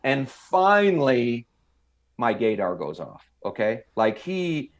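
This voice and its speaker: An American man in his fifties, a podcast guest, slowly tells a long army story in a mid-range voice and acts out other people's lines. He's an animated storyteller in a casual interview, doing impressions of the voices. The recording is muffled.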